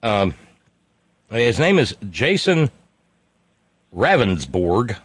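A man's voice: on the low side, sing-song, extremely slow, slightly rough, no room sound. A man co-hosting a talk show, telling a news story with heavy sarcasm and mocking asides. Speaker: co-host. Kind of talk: sardonic political banter.

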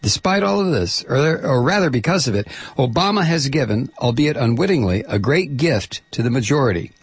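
A man hosting a call-in radio show, hesitant with fillers when chatting and steady and pointed when reading an essay aloud. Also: mid-range voice, fairly quick, slightly rough. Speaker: radio talk show host.

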